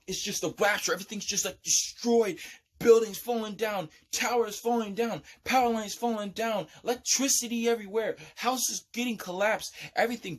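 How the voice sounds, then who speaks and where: A man rambling excitedly through a dream he had, acting out screams and humming a tune, with occasional low-voiced rapping. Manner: animated, breathless, acts out screams and hums a tune; raps in a low steady voice. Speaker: vlogger recounting a dream.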